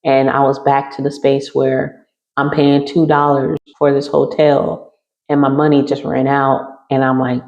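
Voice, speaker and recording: A woman's voice: extremely low pitch, flat delivery, unhurried, darkish tone. A woman teaching a healing class, telling a personal story to her listeners and circling back over her own phrases as she recounts it. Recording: roomy and slightly muffled.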